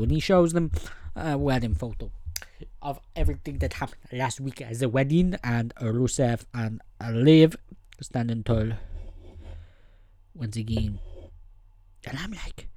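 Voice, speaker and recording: A man hosting a casual podcast, rambling and swearing freely as he mimics people in quick asides. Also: mid-range voice, dark tone, no room sound. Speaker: podcast host. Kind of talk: casual wrestling review podcast.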